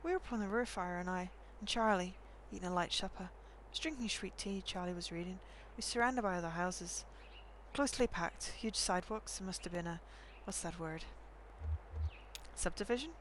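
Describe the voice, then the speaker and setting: A woman's voice: on the low side, brisk, slight background noise, close to an everyday voice, rough recording. A woman reading as a grieving old woman. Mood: wistful. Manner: soft, hushed, reflective reading. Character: grieving old woman remembering her lost son.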